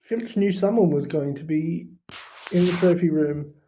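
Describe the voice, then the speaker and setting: A reader voicing a bossy, know-it-all schoolgirl witch, in a brisk, insistent way. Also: medium pitch, a little hiss or hum, lightly acted. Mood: insistent scolding. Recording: dull lo-fi recording.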